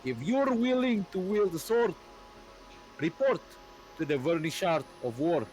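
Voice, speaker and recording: A man voicing a deep, husky-voiced woman ruler who gives a slow, solemn address to her people in a tabletop game. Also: sing-song, darkish tone, soft background music, rough recording. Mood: proclaiming.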